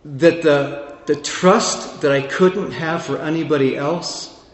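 Guy preaching his testimony, kinda high voice, gets all emotional and loud then quiet, big echoey church. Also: takes it slowly, slight background noise. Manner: emotional, swelling from hushed to fervent. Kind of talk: sermon testimony. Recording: echoey hall with long reverb.

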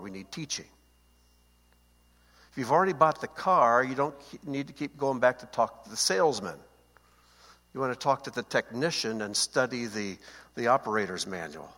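This seated Bible teaching comes from a man with a medium-pitched, husky voice that's a bit bright. He stays conversational and keeps checking in to confirm his listeners follow, recorded with long hall reverb.

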